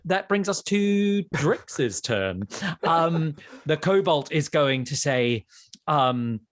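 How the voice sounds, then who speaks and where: A man running a tabletop game as dungeon master, narrating with many pauses and ums. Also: fairly high pitch, animated.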